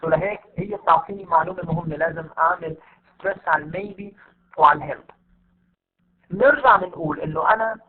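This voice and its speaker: High-voiced teacher, tinny online audio. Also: male voice. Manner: switches between slow, drawn-out English demonstrations and rapid Arabic explanation. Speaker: English teacher. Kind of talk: online class explaining word stress.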